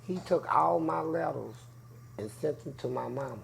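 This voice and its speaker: A man in an interview telling prison stories in a loud, profane way, acting out voices. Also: moderate pace, creaky, slight background noise. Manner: profane, acts out voices with big pitch jumps. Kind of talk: animated storytelling.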